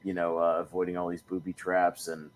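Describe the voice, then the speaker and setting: Low-voiced guy rambling about movies, laughs a lot, faint hum behind. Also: completely flat delivery, a little fast. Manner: rambling, laughs often, many fillers. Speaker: podcast host. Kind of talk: casual movie discussion.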